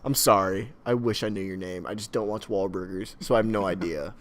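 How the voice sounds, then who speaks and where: A man's voice: low-pitched, fairly even intonation, fairly quick. A young man co-hosting a podcast in loose, rowdy, profane chat, laughing and slipping into impressions. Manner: rowdy, swearing, doing jokey impressions. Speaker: podcast co-host. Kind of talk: casual chat.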